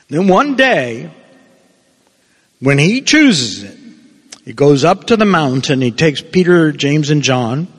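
A man's voice: medium pitch, big-room sound. A man preaching a sermon, telling the story in a conversational way and acting out the voices of the people in it.

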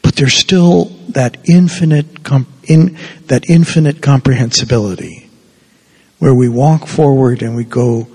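A man preaching a sermon slowly and earnestly, dropping to a soft hush when he quotes gentle words. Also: mid-range voice. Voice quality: gravelly, husky. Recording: long reverb of a large hall.

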